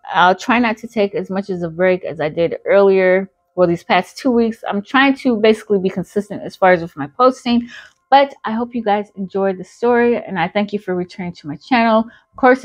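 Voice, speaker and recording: A woman's voice: medium pitch, moderate pace. A woman telling a storytime in a casual, chatty way, full of fillers. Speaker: channel host.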